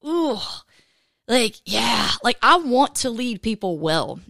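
A woman, hosting a casual faith podcast in a chatty, animated way and laughing often. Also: a little high, slow pace, vocal fry, no echo, clean studio sound. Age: 40s. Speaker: podcast host.

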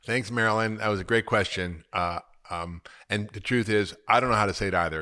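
Energetic middle-aged man answering questions. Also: on the low side, a little fast, few pauses. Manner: energetic, emphatic, laughs at himself. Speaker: doctor and podcast host. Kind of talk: casual podcast Q&A answers.

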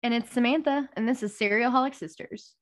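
A woman's voice: a little high, a little fast. A woman co-hosting a podcast, chatting casually, giggly and a bit hesitant. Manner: giggly, self-deprecating, hesitant. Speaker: podcast co-host. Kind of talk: casual chat.

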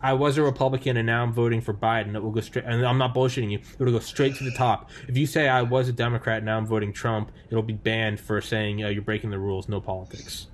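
A man's voice: medium pitch, quick pace, few pauses, a little hiss or hum. A man talking heatedly in a podcast discussion, swearing often and mocking others by putting on their voices. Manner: animated, profane, mocking impressions of others. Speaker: podcast panelist.

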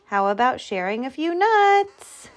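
A woman's voice: very animated, unhurried. A woman voicing a hungry, lonely, sly young male groundhog who calls out eagerly in a raised voice. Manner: eager, calling out high and bright.

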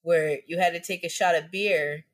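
A woman co-hosting a casual podcast, relaxed and giggly as she leads into the story. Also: lowish voice, normal speed. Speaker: podcast co-host. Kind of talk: casual chat, presenting a story.

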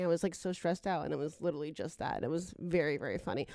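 A woman's voice: lowish voice, dark tone, no room sound. Chatty young woman podcast cohost. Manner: chatty, quick storytelling, swears. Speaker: podcast co-host. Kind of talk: casual chat.

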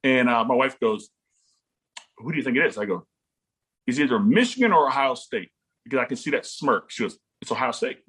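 A man in his forties from Illinois, a guest telling casual stories about his daughter's recruiting, acting out quotes with sudden jumps in pitch. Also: lively intonation, brisk, pauses often, fairly bright tone, breathy edge. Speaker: guest, parent of a volleyball recruit. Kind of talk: casual storytelling.

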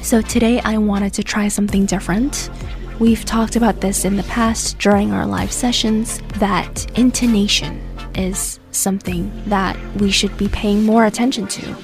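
Casting note: woman, gravelly low-edged voice, teacher explaining slowly, music bed behind. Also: steady tone. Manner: gentle, explanatory, speaks slowly. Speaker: English teacher and host. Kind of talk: casual lesson talk. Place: based in the US.

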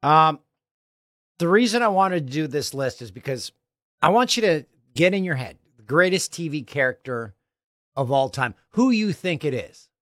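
Upbeat higher-voiced man, dry close sound. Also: normal speed, dry recording. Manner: animated, jokey, laughs often. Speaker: podcast host. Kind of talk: casual chat.

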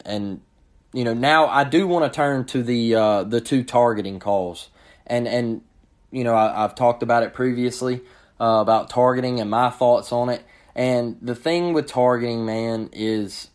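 A man hosting his own sports show, giving frustrated, ranting commentary and often repeating himself. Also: mid-range voice. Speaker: sports podcast host.

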